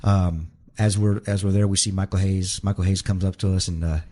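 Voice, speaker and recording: A lower-voiced man telling a story. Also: fairly quick. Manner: rambling, animated retelling with quoted voices. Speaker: guest, professional wrestler. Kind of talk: storytelling in a casual interview.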